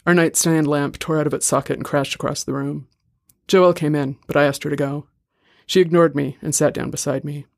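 A man reading a short story aloud in a steady, measured way. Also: fairly high pitch, creaky, dry recording, studio quality. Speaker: story reader. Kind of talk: scripted narration.

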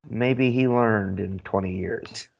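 A man with a lowish voice chatting on a podcast, dry and teasing, hedging often with fillers. The sound is a little dull and lo-fi. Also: gravelly. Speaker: podcast co-host. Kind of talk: casual chat.

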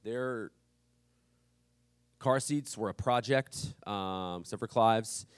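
A man's voice: lowish voice, slow pace, smooth, no echo. Man preaching with casual humor. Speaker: pastor. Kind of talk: sermon.

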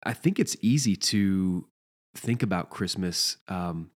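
A man with a very deep voice talks over Bible passages in a casual, reflective way. He backs up and restarts often as he works through his thoughts. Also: expressive, slow pace. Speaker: co-host in a pastoral discussion. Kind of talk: casual theological discussion.

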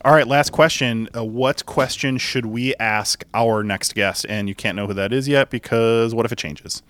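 A man's voice: mid-range voice, moderate pace, a bit bright. A man hosting a podcast, chatting casually, laughing often and swearing now and then. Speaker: podcast host. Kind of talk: casual chat.

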